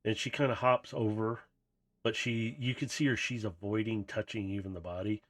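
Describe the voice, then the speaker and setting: A man's voice: fairly low pitch, steady tone, normal speed. A man narrating as game master in a tabletop game, in a casual, rambling way.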